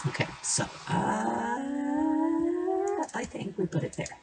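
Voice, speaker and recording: Slow, gravelly woman rambling while gaming. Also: on the high side, heavy background noise. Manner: rambling and playful, with sing-song noises and soft murmured asides. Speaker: game streamer. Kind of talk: casual gameplay commentary while building. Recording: keyboard and mouse clicks behind the voice.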